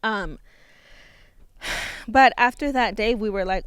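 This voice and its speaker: A young woman tells a story in casual chat, acting out every quoted line with a lifted, lively voice. Her pitch sits in the middle for a woman. The sound is dry and close. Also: measured pace, pauses often, smooth, no echo. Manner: animated, acts out quotes with a rising voice. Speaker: co-host of a couple's channel.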